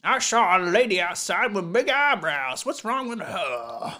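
A man's voice: high voice, sing-song, bright, forceful tone, heavily acted. A man doing a drawling cartoon rooster. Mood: drawling, teasing. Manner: slow, drawling, teasing. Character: blustering old Southern cartoon rooster.

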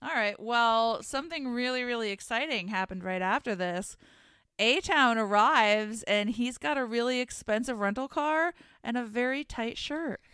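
Dry, clean studio audio captures a fairly high, slightly bright, clear and resonant female voice. As a podcast co-host she keeps the wrestling recap chatty and wry, breaking into laughter often.

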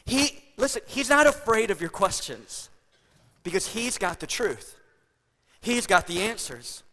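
High, bright-voiced conversational pastor. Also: male voice, a little slow, in a large hall. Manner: conversational, animated storytelling. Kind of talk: sermon. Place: church.

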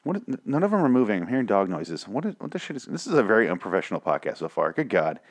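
A man's voice: lowish voice, big pitch swings, fast. A young man hosting a solo review podcast, profane and sarcastic, his voice weak and strained. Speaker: podcast host. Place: home room with dogs. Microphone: desk microphone.

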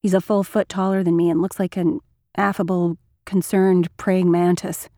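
A woman's voice: on the low side, little pitch movement, moderate pace, dark tone, no room sound, studio quality. Woman reading a wry first-person story. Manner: wry, intimate, builds to bursts of anger. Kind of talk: first-person literary narration.

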